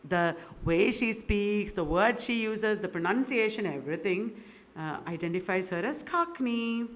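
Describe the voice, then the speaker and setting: A woman's voice: medium pitch, animated, measured pace. A woman giving a literature lecture in a chatty way, often laughing and putting questions to her students.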